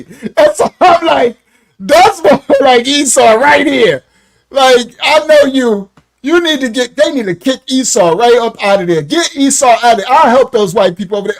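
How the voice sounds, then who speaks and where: A man hosting a live ministry stream, commenting on a video with lively, animated energy. His pitch swoops high and low as he talks, and he laughs often. He keeps breaking off to apologize before pressing on. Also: moderate pace, low-quality recording.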